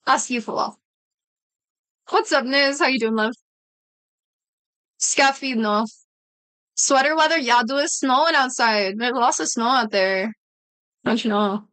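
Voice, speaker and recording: A slightly high, somewhat bright woman's voice, clear and resonant, moves at a measured pace with many pauses. As a streamer casually chatting with viewers, she rambles, swears a lot, and often stops partway through sentences. The audio is poor, with no room sound.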